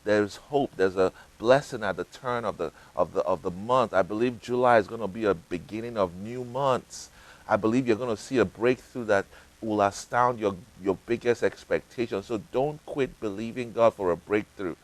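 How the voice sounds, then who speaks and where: A man's voice: moderate pace, rough recording. A middle-aged man from Africa hosting a TV talk show, preaching with emphatic repetition, then chatting with his guest. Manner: repetitive, emphatic, breaks into high laughter. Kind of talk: preaching then casual interview. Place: TV studio.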